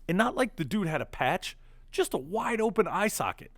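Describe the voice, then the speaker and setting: Animated man telling a wild story. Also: high-pitched, moderate pace, dry recording. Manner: animated, swearing, jumps into voices for quoted people. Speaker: podcast host. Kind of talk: casual storytelling chat.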